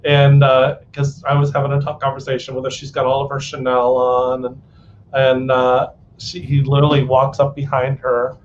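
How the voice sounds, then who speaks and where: A man's voice: medium pitch, completely flat delivery, normal speed. Rambling man on a slightly dull recording. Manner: rambling, laughing, trails off mid-sentence. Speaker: podcast host. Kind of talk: casual conversation. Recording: slightly dull with faint hiss.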